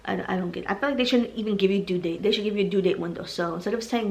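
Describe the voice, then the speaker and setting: Tearful, rambling pregnant woman with fry. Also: mid-range voice, rapid-fire, hardly any pauses, a little hiss or hum. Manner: emotional, rambling, tearful at times. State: heavily pregnant. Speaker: vlogger. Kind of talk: personal vlog confession.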